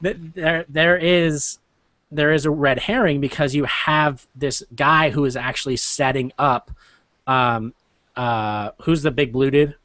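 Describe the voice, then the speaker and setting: A man's voice: fairly high pitch, fairly even intonation, unhurried, fairly bright tone, no echo. A man hosting a casual podcast chat, rambling and restarting his sentences, with frequent chuckles. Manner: rambling, self-interrupting, chuckles often. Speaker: podcast host.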